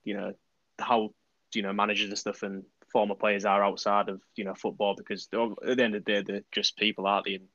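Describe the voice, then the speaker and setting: A man hosting a casual podcast interview, talking quickly and filling his speech with "like" and "and stuff". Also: fairly low pitch, flat delivery, a bit bright, no echo. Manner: hurried, hedging with "like" and "and stuff". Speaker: podcast host. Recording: dull lo-fi mic.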